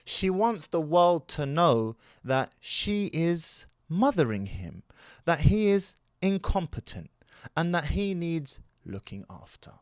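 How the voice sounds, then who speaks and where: A young man lecturing his viewers in an emphatic, preachy commentary style. His pitch swings widely as he presses one rhetorical question after another. The sound is dry and close, with no room around it. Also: sing-song, slow pace, no echo. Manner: scattered Arabic words in his speech. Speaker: online commentator. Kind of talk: opinionated commentary vlog.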